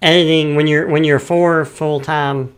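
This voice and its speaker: A man, a guest on a radio show, speaking in a modest, low-key way and sometimes mumbling. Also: steady tone, a little slow, clean tone. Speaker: guest musician and author. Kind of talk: casual radio interview.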